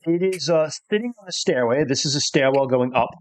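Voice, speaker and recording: A game master narrating a tabletop horror game, with many pauses and fillers. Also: medium pitch. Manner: hesitant, filler-heavy narration.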